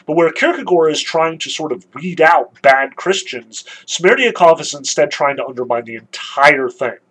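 A man's voice: on the high side, normal speed, fairly bright tone, husky, rough recording. A man giving a literature lecture, explaining in an emphatic, conversational way.

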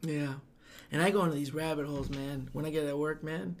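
A man's voice: on the high side, steady tone, brisk. Sarcastic swearing young guy. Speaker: comedian and waiter. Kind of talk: casual chat.

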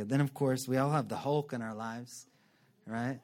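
A male pastor giving a lively, joking sermon and acting out quick character voices. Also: mid-range voice.

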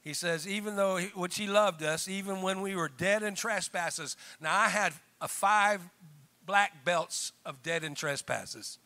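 A male pastor preaching a sermon, swinging from emphatic loud bursts to quiet chuckling asides and calling out to the congregation. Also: high voice, unhurried.

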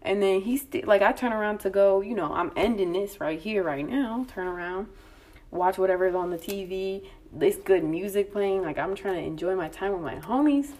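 A young woman telling a story in a casual, profane chat, blunt and animated, acting out the exchanges with lots of fillers. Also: mid-range voice, normal speed.

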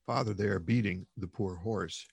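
Brief: man reading a scared small boy, pleading, voice pushed a bit higher, rough and dry. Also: moderate pace, dry recording, exaggerated voice. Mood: distressed. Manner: pleading, raised voice. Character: frightened little boy, pleading.

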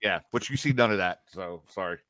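A man's voice: low-pitched, fairly quick, bright, forceful tone, no room sound. A man hosting a podcast in casual chat, joking and swearing with guests. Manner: joking, swears, laughs often. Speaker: podcast host.

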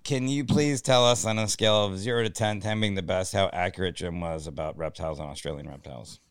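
Casting: male host, low smooth voice, dry close sound, easygoing. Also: quick pace, no room sound. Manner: laid-back, laughs easily. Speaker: podcast host. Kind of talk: casual interview questions.

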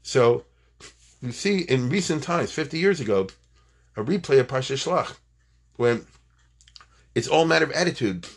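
Brief: older man, husky voice, Torah teacher, animated digressive storyteller. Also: medium pitch, moderate pace, pauses often. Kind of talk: informal Torah class.

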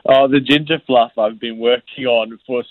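A man's voice: mid-range voice, fairly even intonation, moderate pace, dry recording. A cheerful man calling in as a guest on breakfast radio, laughing often as he talks. He comes through a tinny phone line, dry and narrow. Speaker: cooking show contestant, guest. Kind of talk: phone interview.

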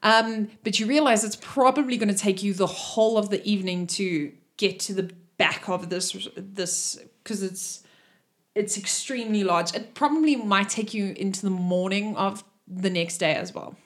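A woman's voice: mid-range voice, normal speed, fairly bright tone. A woman narrating a tabletop game as game master, rambling with many fillers. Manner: rambling, filler-heavy, laughing.

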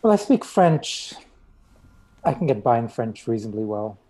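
A guest in a casual chat talks about themselves with easy self-deprecation. The voice is husky and swings up and down in pitch. The delivery is light and unguarded. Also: big pitch swings, moderate pace, warm tone.

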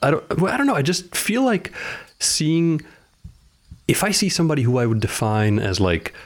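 A man's voice: fairly high pitch, expressive, moderate pace. A man in a casual podcast chat, playful and joking. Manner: playful, does mock accents.

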